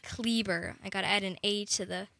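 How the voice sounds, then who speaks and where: A woman's voice: on the high side, lively intonation, unhurried, bright, forceful tone, no echo. A teenage girl, a guest singer-songwriter, answering questions in a radio studio, hesitant and full of fillers and restarts. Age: teens. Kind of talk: casual radio interview.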